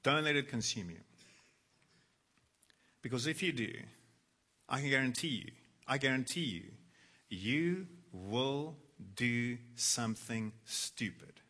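A man preaching a sermon, reading scripture aloud and moving between hushed, quiet passages and loud, emphatic quoted lines. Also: mid-range voice, expressive, slow pace, pauses often. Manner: dramatic, swings from hushed to loud when quoting scripture. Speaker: pastor.

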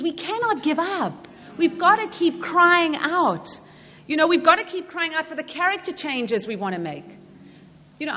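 A woman's voice: high voice, a bit bright, slight background noise. A woman preaching a sermon to women, earnest and repeating questions to the audience. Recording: long hall reverb, faint ambience.

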